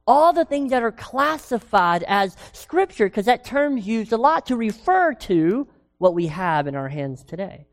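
A woman preacher delivers a sermon at an unhurried pace, her voice rising and falling through a wide, lively pitch range. She leans on key words and asks the congregation questions. Her voice rings with the long reverb of a large church hall.

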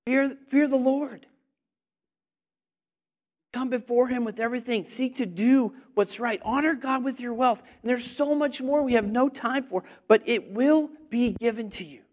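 A man preaching a lively sermon to a congregation, energetic with call-and-response, rising at times almost to a shout. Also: extremely high pitch, a little slow.

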